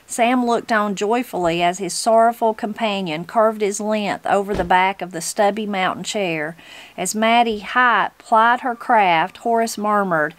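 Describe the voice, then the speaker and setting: A woman with a Southern Appalachian accent reads a story aloud, steady and unhurried. Her voice sits at a middle pitch. The recording is close and dry, with no room around it. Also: no echo. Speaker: channel host. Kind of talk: reading a book aloud.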